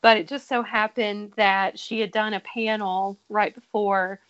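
A woman tells a personal story in casual chat, animated and laughing often. Her pitch sits mid-range. The audio is slightly dull and lo-fi. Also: unhurried. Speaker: podcast guest.

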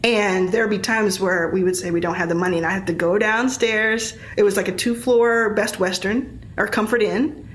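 A woman's voice: mid-range voice, fairly even intonation, moderate pace, few pauses, slight background noise. A woman in her forties, an investor guest, telling her story in a candid, reflective way. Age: 40s. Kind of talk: casual interview storytelling.

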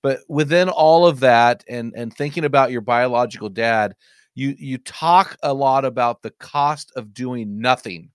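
Smooth-voiced male podcast host. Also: mid-range voice, a little slow, no echo, studio quality. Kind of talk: interview questions.

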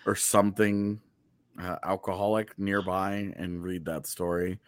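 A man co-hosting a sports podcast in casual chat, joking and sarcastic with bursts of excitement. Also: low voice, unhurried, dry recording, studio quality. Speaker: podcast co-host.

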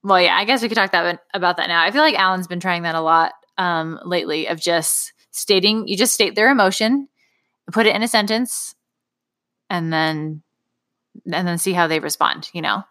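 A woman's voice: fairly low pitch, normal speed, sharp tone, dry recording, clean studio sound. A woman co-hosting a parenting podcast, chatting casually about her kids. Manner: chatty, laughs between remarks. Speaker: podcast co-host and mother. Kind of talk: casual conversational chat.

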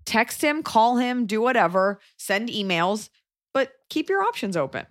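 A woman's voice: a little high, expressive. A woman hosting a podcast, giving blunt, profane advice in casual chat. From Dallas, Texas. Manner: blunt, profane, rapid opinionated riffing.

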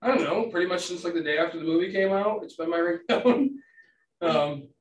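A man in his thirties talks casually on a podcast, drifting through stories and cursing freely. His voice sits a bit high. He is set back from the mic in a roomy, echoing space. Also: fairly quick, far from the mic, slight background noise. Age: 30s. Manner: rambling storyteller, swears freely, quotes others. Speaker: podcast co-host. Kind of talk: casual chat.

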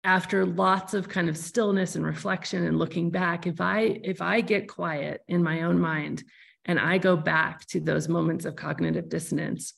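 A woman's voice: fairly low pitch, steady tone, moderate pace, vocal fry. A woman hosting a podcast interview, talking in a thoughtful, searching way with frequent restarts. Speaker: podcast host. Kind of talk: reflective conversational interview.

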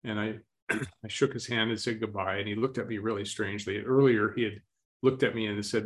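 A man telling a story as an interview guest, speaking slowly and calmly and clearing his throat often. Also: lowish voice.

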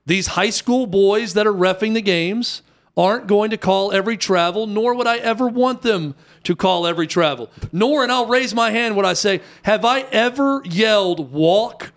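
A high-pitched man in his thirties tells a long story in a casual chat. He talks in an animated way and jumps up in pitch whenever he acts out the people in it. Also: normal speed. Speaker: youth basketball coach telling a story.

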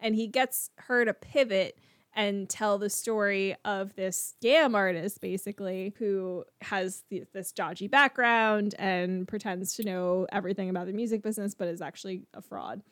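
A woman co-hosting a podcast, chatting casually about a show, sarcastic and quick to laugh. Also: mid-range voice, steady tone, fairly bright tone, clear, resonant tone, dry recording, clean studio sound. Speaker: podcast co-host. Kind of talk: casual recap chat.

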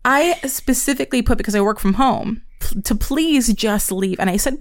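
A young woman from Pennsylvania co-hosting a podcast, telling stories in a profane, animated way. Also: moderate pace. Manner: profane, animated storyteller, swings pitch high when quoting. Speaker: podcast co-host. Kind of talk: casual chat, storytelling.

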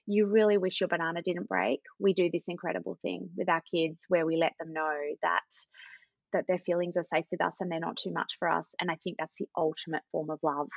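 Australian woman, 30s, low voice, dry slightly muffled podcast audio; storyteller. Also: flat delivery, brisk, gravelly, dry recording. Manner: warm anecdotal storytelling, acts out quoted dialogue. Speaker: parenting guest, parent educator. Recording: dull, slightly lo-fi dry sound.

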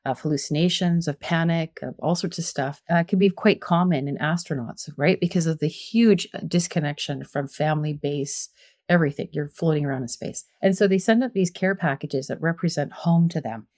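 Low-voiced woman explaining parenting. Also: brisk, a little mellow. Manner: earnest, explanatory, many fillers. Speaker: guest, parenting expert. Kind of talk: conversational interview.

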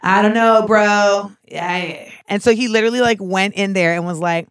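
Woman host, mid-pitched, dry close studio mic, swears freely, riffs and digresses as she tells stories. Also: normal speed, few pauses, clean tone, no room sound. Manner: animated, profane storytelling with frequent asides. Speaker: podcast host. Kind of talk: casual podcast chat.

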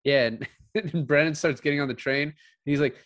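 A man co-hosting a casual podcast, relaxed and given to laughing as he talks about a film. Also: a little high, brisk, no room sound. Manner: relaxed, laughs often, quotes film lines in passing. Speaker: podcast co-host.

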